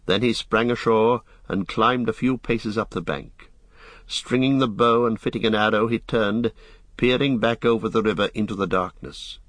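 A man reading a fantasy story aloud as an audiobook narrator, in a steady storytelling manner. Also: fairly low pitch, normal speed, dry recording. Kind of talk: scripted narration.

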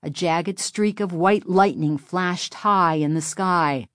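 A woman narrating a children's story in a steady, expressive storytelling manner. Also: fairly low pitch, slow, background noise. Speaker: audiobook narrator. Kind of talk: scripted narration.

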